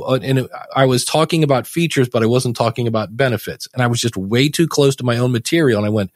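A man's voice: mid-range voice, fast talker, hardly any pauses, no room sound, studio quality. A man from the United States speaking as a guest on a podcast, folksy and chatty, often acting out the voices of people he quotes. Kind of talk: casual chat.

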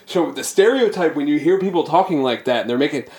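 A man's voice: on the high side, lively intonation, quick pace, a little mellow. A man co-hosting a podcast, telling crude joking stories in casual chat. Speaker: podcast co-host.

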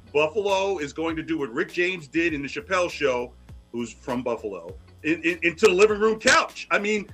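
A man's voice: high voice, fairly bright tone. A man co-hosting a sports show, talking football with joking, wisecracking banter. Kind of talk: casual sports talk.

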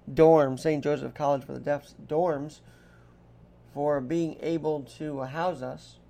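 A man's voice: fairly high pitch, gravelly, mellow. A New York man in his twenties hosting a podcast, rambling casually and correcting himself as he tries out a put-on Irish brogue. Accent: put-on Irish brogue over a New York voice. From New York City. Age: 20s. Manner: rambling, chatty, corrects himself mid-sentence. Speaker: podcast host. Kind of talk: casual solo podcast chat.

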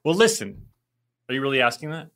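A middle-aged man co-hosts a podcast in casual chat. His voice is bright and mid-pitched, and he jokes in a dry, teasing way, often at his own expense. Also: big pitch swings, fairly quick. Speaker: podcast co-host.

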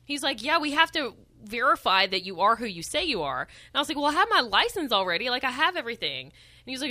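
Bright, animated woman telling a story. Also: a little high, fast. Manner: animated, laughing, acts out other people's lines. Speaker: radio morning show co-host. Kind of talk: casual storytelling chat.

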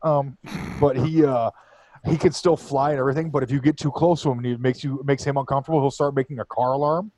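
A young man in casual podcast banter, animated and loud as he tells a story. He swears freely and jumps into squeaky impressions of other people. His voice sits at an ordinary middle pitch. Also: fast talker, no room sound. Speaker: podcast co-host.

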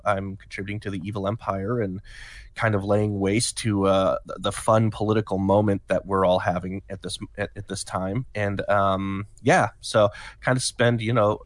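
A male podcast guest chatting casually, halting and wry, with many fillers and restarts. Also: lowish voice, fairly bright tone, no echo. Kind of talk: casual chat.

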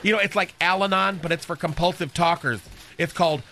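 A flamboyant, catty male receptionist gossips through one-sided phone chats, sharp and bright in tone, as a man acts him out. His voice sits high and lilting for a man. It is a radio comedy sketch bit. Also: fairly quick, soft background music.

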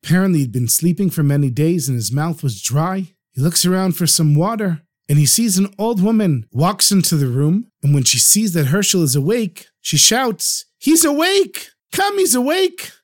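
A man narrating a traditional religious story in an animated, vivid way. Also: on the high side, normal speed, few pauses.

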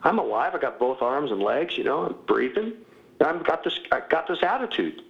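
Older man in his sixties, gravelly, lively pitch, former pastor guest, dull lo-fi recording. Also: moderate pace. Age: 60s. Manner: animated, self-mocking, often laughing. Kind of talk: candid interview talk.

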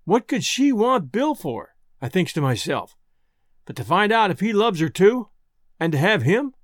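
A man's voice: high-pitched, sing-song, normal speed, no echo, clean studio sound. A man narrating a first-person storybook tale in folksy, rustic dialect. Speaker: audiobook narrator.

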